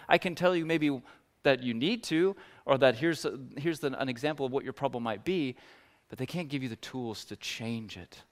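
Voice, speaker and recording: A man preaching a sermon in a relaxed, conversational way, acting out the words of biblical figures as he goes. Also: mid-range voice, normal speed. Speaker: pastor.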